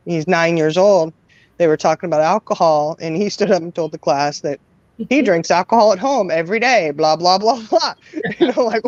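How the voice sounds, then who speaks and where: A woman chatting as a guest in a relaxed interview, rambling along and filling her sentences with "you know". She breaks into laughter often. The sound is dry and a bit muffled, like lo-fi audio. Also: lowish voice, normal speed, no room sound. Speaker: guest parent of twelve children. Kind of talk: casual conversational interview.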